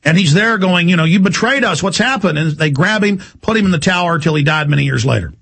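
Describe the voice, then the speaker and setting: A male talk radio host rattles through a heated, rambling monologue. His voice is gravelly and husky and sits somewhat high for a man. He talks fast and keeps pushing ahead. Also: lively intonation, fairly bright tone.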